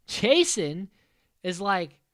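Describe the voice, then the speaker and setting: A man recaps a show on his podcast in a loose, sarcastic ramble full of "like" and "uh". His voice swings widely in pitch and has a bright, forward edge. It sounds dry and close to the mic. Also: big pitch swings, extremely slow, dry recording. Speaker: podcast host. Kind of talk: casual episode recap.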